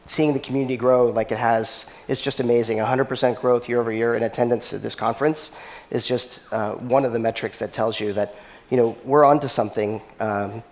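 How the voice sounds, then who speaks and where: A man speaking at a mid pitch, giving a conference keynote as a technology executive. His delivery is casual and conversational, dotted with filler words. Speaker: chief technology officer giving a conference talk.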